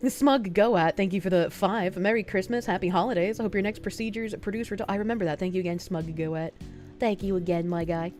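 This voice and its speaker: A woman's voice: medium pitch, steady tone, fairly quick, darkish tone, faint music behind. A woman livestreamer chatting casually and reading viewer messages aloud with frequent thanks, feeling sick with nausea and hiccups, often laughing.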